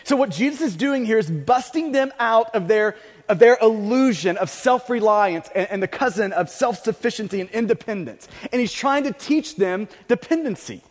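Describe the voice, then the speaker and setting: A man's voice: high voice, lively intonation, normal speed. A male pastor preaching a sermon earnestly, often stammering and repeating words. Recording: long reverb of a large hall.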